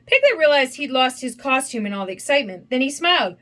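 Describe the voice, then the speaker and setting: A woman reading a children's storybook aloud in an expressive, animated way. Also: high voice, fast talker. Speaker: storybook reader. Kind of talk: children's read-aloud narration.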